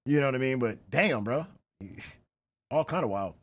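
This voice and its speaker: A woman's voice: extremely low pitch, animated, normal speed. A woman reaction streamer talking bluntly and incredulously in casual commentary, swearing and laughing often.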